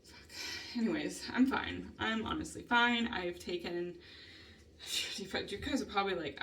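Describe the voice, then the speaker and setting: With a mid-range, slightly bright voice and lively intonation, this woman takes her time, leaving long pauses, recorded on a distant mic. She's a vlogger venting casually and rambling, full of heavy swearing and frequent nervous laughs.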